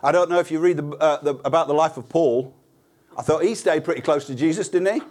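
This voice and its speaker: Earnest preacher, high voice. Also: male voice, fast, darkish tone. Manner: earnest, conversational, with frequent restarts and rhetorical questions. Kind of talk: sermon.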